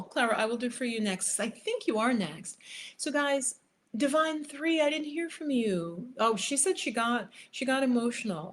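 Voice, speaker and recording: A woman hosting a livestream, chatting with viewers and reading cards for them, sometimes dropping to a soft whisper while she shuffles. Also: mid-range voice, slight background noise. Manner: chatty, riffing, addresses viewers by name. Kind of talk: casual live chat with tarot readings. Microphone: headphones.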